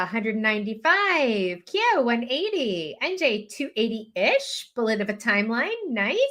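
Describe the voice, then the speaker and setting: A woman's voice: sits high, bright, forceful tone. A woman hosting a live writing sprint stream, chatting casually and self-deprecatingly as she reads out viewers' updates.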